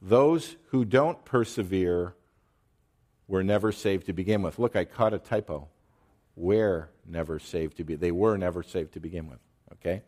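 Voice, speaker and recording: A man preaching a teaching sermon, stressing words and pausing to check in with his listeners. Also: deep voice, a little mellow. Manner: emphatic, pauses to drive points, checks in with "okay?". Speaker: pastor.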